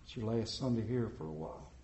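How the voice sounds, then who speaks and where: Preacher in an echoey church. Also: male voice, lowish voice, animated, fast, a little hiss or hum. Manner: storytelling preacher, swelling loud then dropping to quiet. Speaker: pastor. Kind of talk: sermon. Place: church sanctuary.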